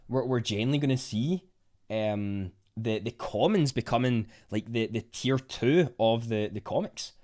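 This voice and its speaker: Scottish man, livestream host, casual and rambling, mid-pitched voice. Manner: chatty, rambling, with frequent restarts. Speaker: livestream host reading chat. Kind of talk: casual live chat.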